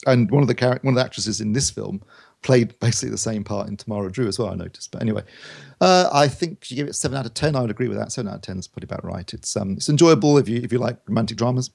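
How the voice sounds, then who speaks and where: Fast-talking gravelly man reviewing films. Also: medium pitch, lively intonation, a little mellow. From United Kingdom. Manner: rambling, many ums and restarts. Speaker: podcast film reviewer. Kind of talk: casual podcast chat.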